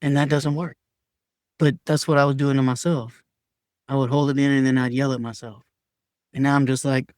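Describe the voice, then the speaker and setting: A man's voice: medium pitch, flat delivery, moderate pace, long pauses, a little mellow, dry recording, clean studio sound. A man talking candidly as a podcast guest, earnest and emphatic, sometimes acting out his own past words in a raised voice. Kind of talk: candid conversational sharing.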